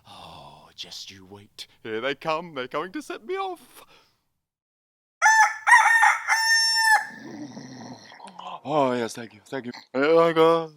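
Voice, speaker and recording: This is a conceited talking firework rocket in a storybook audio drama, and it brags about itself with great theatrical flair. A man acts it out with a fairly high voice that leaps all over the place. A faint hiss lies underneath. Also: huge pitch swings, measured pace, low-quality recording. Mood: boastful. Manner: pompous, bragging, theatrical. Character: boastful self-important firework rocket, male.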